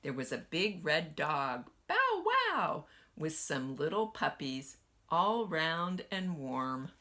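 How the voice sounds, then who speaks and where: A woman kindergarten teacher gently reading a picture book aloud to children and asking them questions as she goes. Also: sits low. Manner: slow, lively sing-song storytelling.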